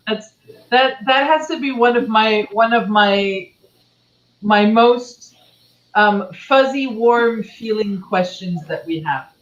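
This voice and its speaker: A woman's voice: a little high, takes it slowly. Stammering woman co-host, echoey lo-fi sound. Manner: warm-hearted, stammers with many restarts. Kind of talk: casual interview chat.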